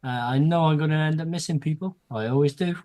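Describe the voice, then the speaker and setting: A man's voice: on the high side, fast talker. A man co-hosting a casual livestream, reading out viewers' names with small asides. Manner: steady list-reading with asides. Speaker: co-host reading out chat.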